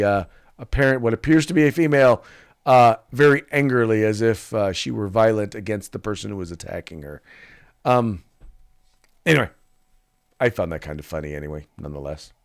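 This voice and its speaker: A man's voice: lowish voice, moderate pace, clear, resonant tone. A man hosting a political talk podcast, chatting casually with many restarts and fillers and reading sponsor spots. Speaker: podcast host.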